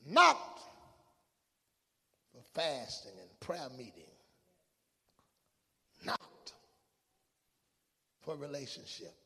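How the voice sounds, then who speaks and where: A man preaching a fervent sermon in a church, swinging between hushed murmurs and shouted, repeated questions. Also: mid-range voice, big pitch swings, slow, gravelly, pauses often, in a large hall. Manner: fervent, repetitive preaching cadence. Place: church sanctuary.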